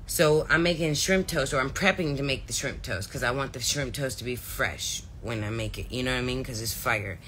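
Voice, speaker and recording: A woman's voice: extremely low pitch, brisk, hardly any pauses, a bit bright, slight background noise. A woman on a livestream, chatting casually and telling stories in a brash, swearing way. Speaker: host.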